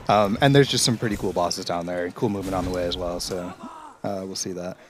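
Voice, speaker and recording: A man commentating live on a speedrun, explaining routes and mechanics in a steady, technical way. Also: sits low, moderate pace, slight background noise.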